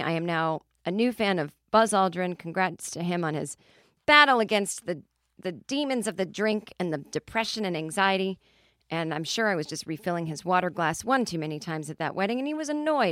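A woman's voice: on the low side, a bit bright, dry recording, clean studio sound. A woman in her forties hosting a comedy podcast, telling rambling stories. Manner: rambling, self-interrupting storyteller with quick asides. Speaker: podcast host. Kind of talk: casual comedic monologue.

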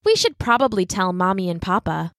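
Earnest little girl for a storybook, high and insistent, played by a woman. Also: sing-song, a little fast, fairly bright tone, no room sound, clean studio sound. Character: young girl, earnest and imaginative.

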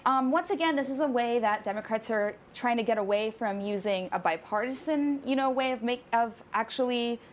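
A woman's voice: a little high, brisk, few pauses. A female correspondent explaining political news in a conversational interview.

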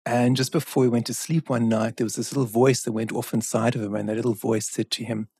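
A man from Africa, a guest author telling a story in an earnest, measured way, often restarting a phrase. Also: mid-range voice, little pitch movement, darkish tone, breathy edge, no room sound, clean studio sound. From South Africa. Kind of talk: reflective storytelling in conversation.

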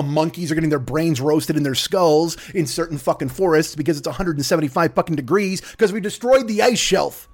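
Comedy podcast host, male, high-pitched, foul-mouthed ranting delivery. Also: a little fast, few pauses. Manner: ranting, profane, riffing into mock voices. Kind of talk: profane comedic rant.

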